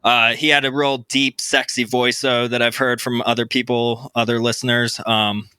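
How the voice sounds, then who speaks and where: Excitable male podcast host, very bright, smooth tone, dry close sound. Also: medium pitch, moderate pace, dry recording. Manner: upbeat, giggly, excitable. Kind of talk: casual chat. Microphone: remote recording.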